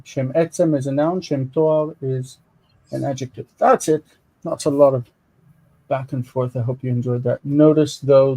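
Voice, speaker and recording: A man's voice: medium pitch, dark tone, poor audio. A man co-hosting a live stream, chatting casually and eagerly explaining words aloud while looking them up. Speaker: co-host of a Hebrew Bible reading stream.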